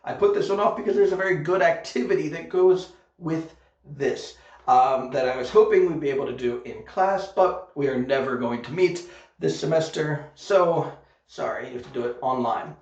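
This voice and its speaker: In an online English grammar lesson, a man carefully models example sentences and checks in with "okay?" as he goes. His voice is a little high and darkish in tone, moving at a moderate pace. The recording sounds dull and lo-fi, with an echoey room.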